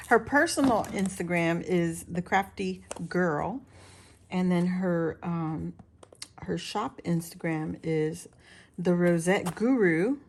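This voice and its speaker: A woman hosting her own craft channel, chatting casually and gushing over items as she unboxes them, now and then clearing her throat. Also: fairly low pitch, slow pace, a little hiss or hum. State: recovering from illness, clears throat.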